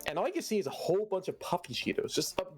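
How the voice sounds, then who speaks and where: A vtuber guest on a stream who tells a story in a casual, animated way and laughs often. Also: mid-range voice, very fast, husky, soft background music.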